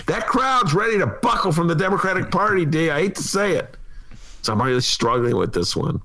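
A man, co-hosting a casual political talk show, animated and quick to laugh. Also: fairly high pitch. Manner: animated, laughing, mimics people mid-story. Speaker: co-host, columnist.

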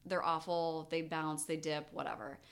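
A woman in her thirties co-hosting a casual chat podcast, telling a story in a chatty, animated way with lots of fillers. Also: sits low, moderate pace. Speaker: podcast co-host.

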